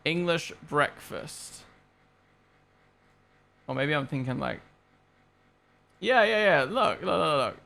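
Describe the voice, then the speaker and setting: This young Australian or New Zealander streams into a gaming headset while hosting a race watchalong, chatting casually, rambling, airing strong opinions and swearing freely. His fairly high, animated voice is pushed and bright with vocal fry, and he takes it slowly with frequent pauses.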